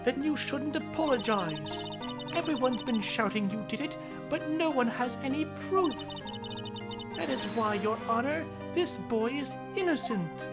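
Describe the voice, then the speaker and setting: A woman's voice: high voice, expressive, a little slow, over loud music. A woman voicing a stern, righteous young boy in a mock courtroom, firm and declaiming. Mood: earnest.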